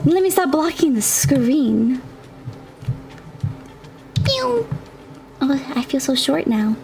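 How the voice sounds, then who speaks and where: A woman's voice: sits high, very animated, slow, long pauses, darkish tone, soft background music. A woman game streamer chatting casually with her viewers, bubbly and chatty, laughing often.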